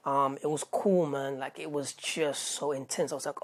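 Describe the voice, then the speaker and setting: A man's voice: medium pitch, fairly even intonation, moderate pace, few pauses. A man with a British accent giving an enthusiastic, rambling video review of a TV episode, with many restarts. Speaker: TV show reviewer.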